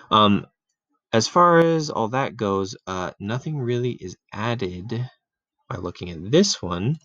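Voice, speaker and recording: A man giving a relaxed, casual grammar lesson, full of fillers and restarts, who often clears his throat. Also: on the low side, slow pace, long pauses, dry recording. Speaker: Greek teacher. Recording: dull, dry home recording.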